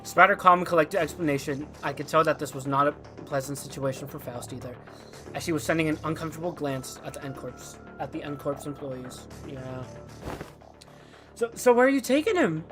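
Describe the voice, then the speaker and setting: A young man streaming a game, reading its story aloud and reacting excitedly. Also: fairly high pitch, brisk, music in the background.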